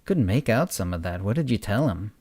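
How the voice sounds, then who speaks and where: A man's voice: fairly low pitch, very animated, a little fast, darkish tone, dry recording. A man reading a story aloud, voicing an amused male colleague. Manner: chuckling, casual.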